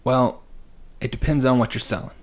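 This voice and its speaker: A man's voice: mid-range voice, fairly even intonation, normal speed. A young adult man co-hosting a podcast, telling rambling stories in casual chat and acting out the people in them. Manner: rambling anecdotes, acts out quoted people. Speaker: podcast co-host.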